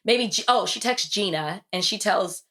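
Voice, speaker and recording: A woman hosting a podcast, retelling TV episodes in casual chat and acting out the quotes. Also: moderate pace. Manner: animated storytelling, acts out quotes with big pitch jumps. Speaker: podcast host.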